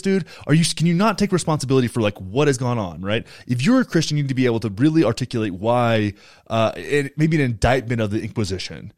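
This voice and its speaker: A man's voice: medium pitch, lively intonation, quick pace, darkish tone, no echo, clean studio sound. A young man in casual podcast chat, talking in an emphatic, heated way and swearing freely. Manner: profane, heated and emphatic, frequent restarts.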